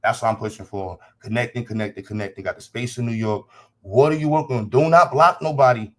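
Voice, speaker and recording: A man's voice: on the low side, quick pace, a little mellow. A man hosts a casual livestream and talks straight to his chat. His delivery is blunt and combative, full of profanity. He keeps repeating phrases to drive his point home. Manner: repeats himself for emphasis. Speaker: livestream host.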